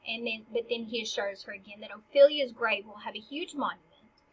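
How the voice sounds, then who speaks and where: A woman sums up a play scene in a chatty, slangy way. Her voice sits a little high and comes out husky and breathy. The recording is dull and lo-fi. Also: brisk. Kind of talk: casual play summary.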